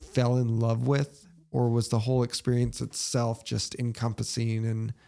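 A man hosting an interview, asking relaxed, halting questions. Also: medium pitch, gravelly. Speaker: host.

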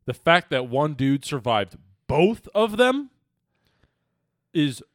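A man's voice: fairly high pitch, big pitch swings, slow pace, dry recording, studio quality. A man co-hosting a casual podcast, telling stories in a loose, joking way and swearing often. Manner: loose, profane, jokey storytelling. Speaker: podcast co-host. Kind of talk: casual chat.

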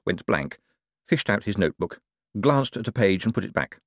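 Man narrating an audiobook, low and expressive. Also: normal speed, no room sound, clean studio sound. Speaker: audiobook reader.

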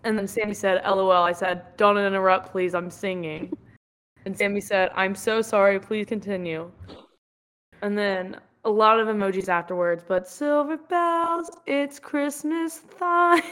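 A woman's voice: mid-range voice, steady tone, moderate pace, a bit bright, clear, resonant tone. A young woman co-hosting a podcast, telling rambling stories in casual chat and giggling often. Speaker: podcast co-host.

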